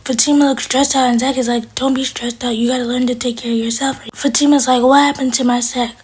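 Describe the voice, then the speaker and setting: Woman recapping a tv episode, talks fast, bit breathy, high-ish voice. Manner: animated retelling, quotes characters in her own voice. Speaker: TV episode reviewer. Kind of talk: casual recap, acting out lines.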